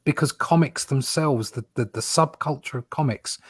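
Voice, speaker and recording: A man's voice: mid-range voice, moderate pace, breathy edge, no echo, studio quality. A man co-hosting a casual comics podcast, rambling and repeating words as he makes his points. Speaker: co-host.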